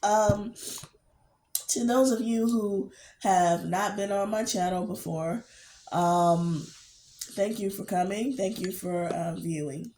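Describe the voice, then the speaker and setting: Woman, stuffy nose from a cold, unhurried tarot host with lots of ums; echoey room, faint hiss. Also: mid-range voice. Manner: slow, hesitant, many ums, murmurs quietly while shuffling cards. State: congested, nasal from a cold. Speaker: tarot reader, channel host. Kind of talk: casual tarot reading vlog.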